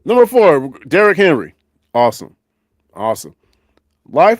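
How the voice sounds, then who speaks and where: Excitable man hosting sports banter. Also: moderate pace, dry recording, studio quality. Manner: animated, profane, jumps up in pitch when excited. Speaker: podcast host. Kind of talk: casual sports chat.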